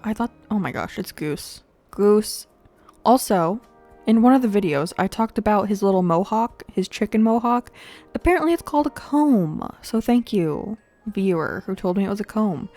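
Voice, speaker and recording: A young woman with a slightly mellow voice on the high side plays a video game while giving chatty, playful commentary. She laughs often and talks to her viewers.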